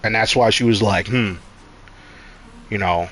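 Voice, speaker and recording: Excitable young man telling a story. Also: fairly low pitch, a little slow, slight background noise. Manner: loose, profane and rambling, often acting out his own lines. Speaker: streamer. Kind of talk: casual live-stream storytelling.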